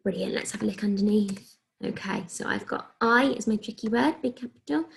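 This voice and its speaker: Here a primary school teacher with an English accent records a phonics video for young children. At a medium pitch, she sounds out each letter slowly and clearly.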